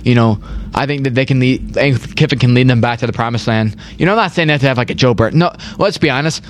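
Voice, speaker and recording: A man's voice: mid-range voice, fast talker, slight background noise. Rambling young man talking sports. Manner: rambling, repeats words, says "like" and "bro" a lot. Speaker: podcast host. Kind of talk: casual sports chat.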